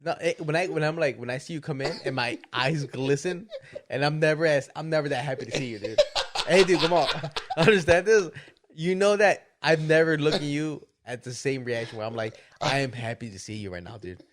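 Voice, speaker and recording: A man's voice: mid-range voice, brisk, slight background noise. A man co-hosting a podcast, casually retelling a story and acting out the quotes with frequent laughter. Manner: animated retelling, acts out quotes, laughs often. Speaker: podcast co-host.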